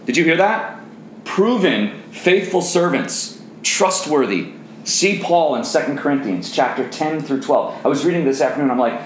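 A man preaching a sermon as pastor, animated and raising his voice for emphasis. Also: mid-range voice, normal speed, echoey room, slight background noise, poor audio.

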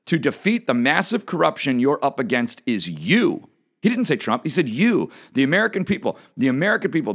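An emphatic man delivers a political commentary monologue with a lively, swinging pitch. He repeats himself for emphasis and talks straight to his listeners. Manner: emphatic, repetitive, addresses audience directly.

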